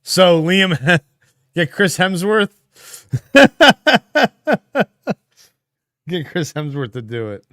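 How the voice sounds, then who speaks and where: A livestream co-host with a high-pitched voice draws out his words and pauses often, recorded at studio quality with no echo. Relaxed, he thinks aloud while responding to viewers' comments, with fillers and laughter.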